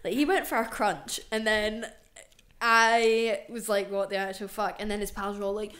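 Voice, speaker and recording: A young Scottish woman hosts a podcast, spinning animated stories in a casual chat packed with swearing, fillers and "like." Her voice is a little high and moves at a normal speed.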